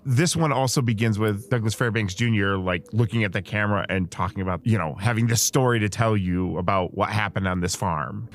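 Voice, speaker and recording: A man's voice: fairly low pitch, brisk, hardly any pauses. A man co-hosting a film podcast, chatting casually in a rambling, hesitant way and often correcting himself. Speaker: podcast co-host. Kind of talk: casual film-review chat.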